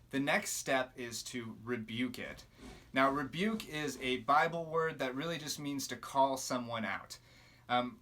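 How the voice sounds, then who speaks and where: A man's voice: mid-range voice, bright, forceful tone. A man giving a devotional teaching talk to young people, explaining steadily and earnestly, with emphatic rebukes. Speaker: youth ministry teacher.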